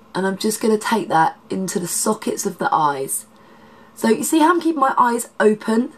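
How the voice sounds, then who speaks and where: A woman, a makeup artist, chatting through a makeup tutorial with a congested, nasal, slightly husky voice and rambling asides. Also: mid-range voice. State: congested, nasal from hay fever.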